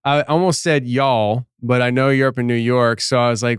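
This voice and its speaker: A smooth, clear-voiced man from Philadelphia hosts a casual podcast interview, chatty and quick to laugh. The recording is dry and close, with no room sound. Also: mid-range voice, little pitch movement, no room sound. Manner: chatty, laughs often, repeats and restarts. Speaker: podcast host.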